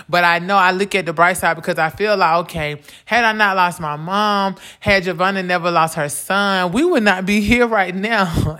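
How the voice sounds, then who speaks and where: Bright-voiced woman sharing her grief. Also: lowish voice. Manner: casual, repeats "like" often, earnest. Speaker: podcast host. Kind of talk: heartfelt personal talk on grief and faith.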